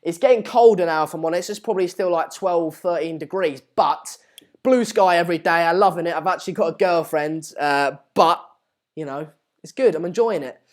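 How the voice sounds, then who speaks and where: A man's voice: fairly high pitch, a little fast. Chatty man hosting a football stream. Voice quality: chatty, reads viewer comments aloud. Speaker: live stream host. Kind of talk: casual match watchalong commentary.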